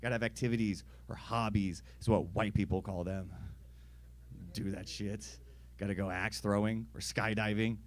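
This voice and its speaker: A young man performing a stand-up comedy set, telling crude stories in a deadpan way and acting out the other voices himself. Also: lowish voice, normal speed.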